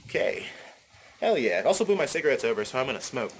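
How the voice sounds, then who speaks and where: A man ranting casually into his phone outdoors in the wind, rambling, animated, swearing freely and repeating himself. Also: mid-range voice, fast talker. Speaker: vlogger. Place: outdoors, windy.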